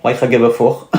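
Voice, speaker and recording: A combative Scouse man talks straight into his livestream, swearing freely and firing back at chat questions. His voice sits at an ordinary middle pitch. The sound has a roomy echo, as if he is in a bare room. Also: darkish tone. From Liverpool, England. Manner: blunt, combative, swearing, reading and answering chat. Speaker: livestream host. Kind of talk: casual livestream rant.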